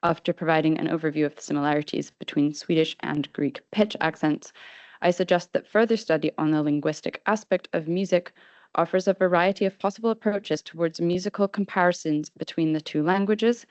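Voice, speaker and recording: A young woman with a lowish voice presents a prepared academic paper. The sound is dry and slightly muffled, a lecture recording from a conference hall. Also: fairly even intonation, a little fast, darkish tone. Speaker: conference speaker.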